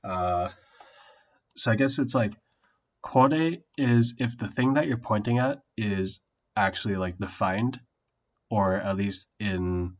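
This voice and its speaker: A man casually streaming his study session, thinking aloud slowly with many pauses and fillers. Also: on the low side, highs cut off.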